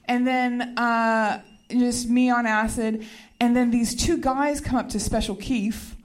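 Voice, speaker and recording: On a stage before a live audience, a woman stand-up comedian tells a rambling, chatty story and laughs along the way. Her voice sits on the high side, her tone is steady, and she takes her time.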